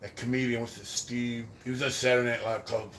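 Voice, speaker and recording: With a flat, fast, mid-range delivery and slight background noise, a man hosts a podcast full of rambling, profane prison stories. He thanks viewers for their super chats, and his speech trails off quietly at times.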